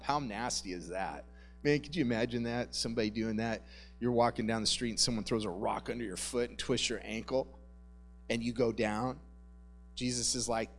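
A pastor giving a relaxed, conversational sermon, joking and calling his listeners "guys.". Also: medium pitch. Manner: conversational, jokey, addresses the congregation as "guys". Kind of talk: casual sermon.

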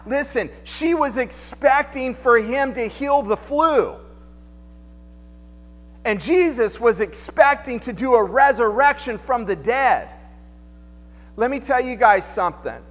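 A pastor delivers a sermon in a church sanctuary, speaking in a loose, conversational way and tossing out rhetorical questions. His very high voice is fairly bright with lively intonation, and he takes it slowly. Long hall reverb is on the recording, with faint music behind him.

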